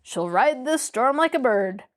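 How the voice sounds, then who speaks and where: A woman reading the part of a reckless, sneering male riverman and kidnapper in an audiobook, voiced in a gruff, bossy way. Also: high voice, animated, a little slow, pitched above the performer's own voice.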